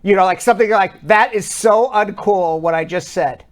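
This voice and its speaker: A man in his fifties with a high-pitched voice hosts a live studio stream at a normal speed. Using a wired studio mic, he chats and playfully teases his co-hosts.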